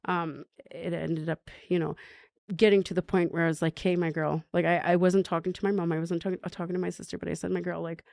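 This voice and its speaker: Woman from Canada, podcast guest, low voice, heavy vocal fry, earnest storytelling. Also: little pitch movement, fast talker, a little mellow, no echo. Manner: earnest storytelling, with frequent tag questions. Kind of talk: personal recovery story in an interview.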